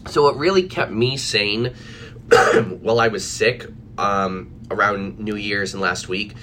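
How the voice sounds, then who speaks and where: A man's voice: lowish voice, takes it slowly, pushed and bright, slight background noise. A man coaching on anxiety, talking casually and animatedly to viewers from his office, with fillers and restarts. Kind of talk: casual live video chat.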